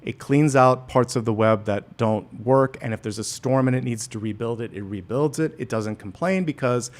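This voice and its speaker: A man talks through a tarot reading in a relaxed, chatty manner, circling back and restarting his phrases. His pitch sits in a middle range for a man. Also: normal speed. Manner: gentle and conversational, with frequent restarts. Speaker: tarot reader. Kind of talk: casual spoken tarot reading.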